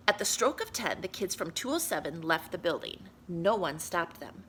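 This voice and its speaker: Expressive woman reading a children's story. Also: on the low side, moderate pace, a little hiss or hum. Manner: expressive, animated. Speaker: children's book reader. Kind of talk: storybook read-aloud.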